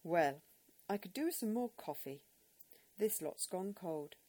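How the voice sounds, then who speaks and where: A woman's voice: fairly low pitch, animated, measured pace, warm tone, no echo. A woman voicing a moody, sulky young woman who speaks curtly. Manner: curt, sulky.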